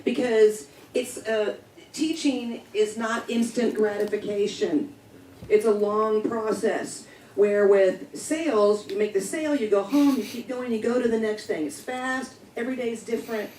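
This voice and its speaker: This is a Midwestern American woman in her fifties, with a mellow, higher voice, chatting plainly as a guest speaker on a panel. She sounds distant in an echoey room, with faint noise behind her. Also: measured pace. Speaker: guest teacher. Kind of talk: panel talk.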